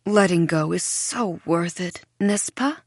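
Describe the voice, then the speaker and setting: A woman narrator voicing her own reflection in the mirror, speaking in a soft, knowing, coaxing way. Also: lowish voice, slow, husky, no room sound, studio quality, exaggerated voice.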